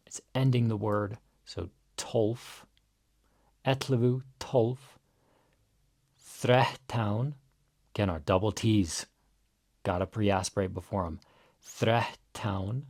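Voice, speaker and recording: Slow, low-voiced man teaching pronunciation. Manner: relaxed, drawn-out demonstrations of words. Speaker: language teacher. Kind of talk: pronunciation lesson.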